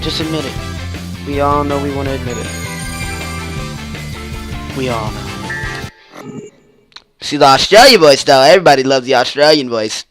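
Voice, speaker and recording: A man's voice: medium pitch, moderate pace, pauses often, fairly bright tone. A man casually commenting while he plays a video game, joking and teasing his friend. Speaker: let's play host. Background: video game music.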